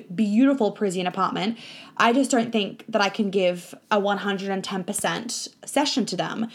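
A young woman telling a personal story in a casual confessional vlog, chatty and swearing freely. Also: medium pitch. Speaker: vlogger and coach.

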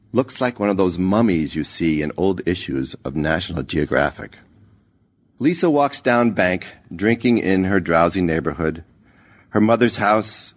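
A man narrating a short story in a measured, even reading. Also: sits low. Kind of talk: scripted narration.

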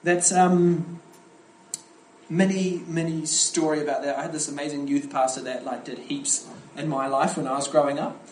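A young man preaching a camp sermon to young people, animated and storytelling, with frequent restarts. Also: a little high, moderate pace, slight background noise. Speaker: youth pastor preaching at a camp. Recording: echoey hall with faint ambience.

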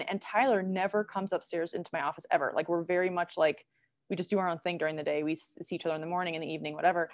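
A woman's voice: fairly low pitch, no echo. Chatty woman co-hosting a podcast. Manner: chatty, laughs often, fillers. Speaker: podcast co-host. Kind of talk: casual chat.

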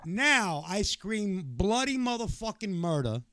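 A middle-aged man telling a story in casual chat, animated and swearing heavily. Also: high voice, slow pace, smooth, no echo. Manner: animated, heavy swearing, rising to shouted outrage. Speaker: podcast guest.

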